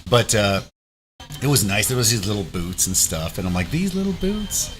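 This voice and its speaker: A man's voice: low-pitched, normal speed, noisy background. A man hosting a casual chat, a Canadian telling stories and acting out quotes. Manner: animated storyteller, acts out quotes. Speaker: host.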